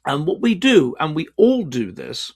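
Guy lecturing to camera, bit higher voice, trails off quiet sometimes. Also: big pitch swings, creaky, breathy edge. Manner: measured, lecturing, with frequent restarts and trailing quiet asides. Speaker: educational video host. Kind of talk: explanatory talk to camera.

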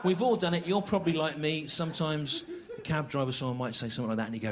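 A man performing a stand-up comedy routine, telling a story with deliberate, incredulous repetition. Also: on the high side, crowd noise, background noise. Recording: live show with audience laughter. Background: audience laughter.

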